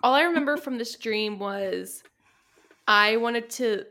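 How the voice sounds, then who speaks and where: A woman's voice: on the high side, measured pace, pushed and bright. A woman from the United States co-hosting a casual chat podcast, telling rambling stories and laughing often. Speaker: podcast co-host.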